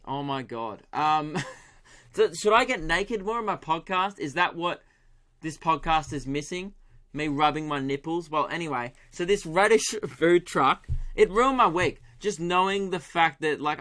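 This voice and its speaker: A man's voice: a little high, a bit bright. A young man hosting his own comedy podcast, ranting through a story with swearing, laughs and put-on voices. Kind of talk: solo comedy podcast rant.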